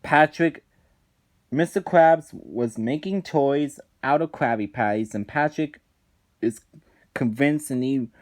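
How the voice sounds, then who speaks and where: A man's voice: mid-range voice, takes it slowly. A man reviewing cartoon episodes in a ranting commentary, indignant and exasperated, often restarting his sentences.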